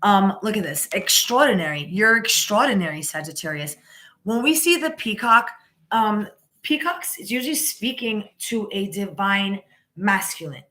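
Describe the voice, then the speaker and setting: A woman's voice: mid-range voice, lively intonation, normal speed, bright, forceful tone. A woman giving a casual live tarot reading, rambling and emphatic, with frequent restarts. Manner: rambling, with many restarts and repeated "you know"; emphatic and encouraging. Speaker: tarot reader.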